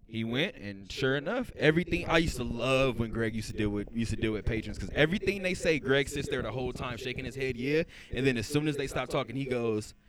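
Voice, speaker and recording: A man hosting a casual group podcast chat, telling animated stories and acting out the people in them. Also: mid-range voice, fast, few pauses, crowd noise. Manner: animated storyteller, acts out quotes. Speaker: podcast host.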